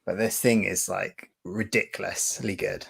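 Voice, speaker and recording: A man's voice: deep voice, steady tone, a little slow, vocal fry, fairly bright tone, breathy edge. A man chatting as a guest on a casual livestream, jokey and self-deprecating.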